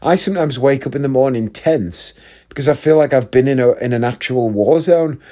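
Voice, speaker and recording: Speaking a bit fast in a medium-pitched voice with a dark tone, a young man hosts a podcast full of rambling, funny stories. He swears freely and hops between anecdotes in a chatty, comedic monologue.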